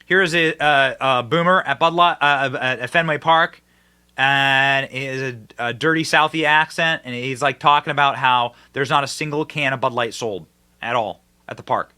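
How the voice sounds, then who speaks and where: A male host giving online political commentary, emphatic and mocking, with big swings in pitch and loudness. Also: moderate pace, clear, resonant tone.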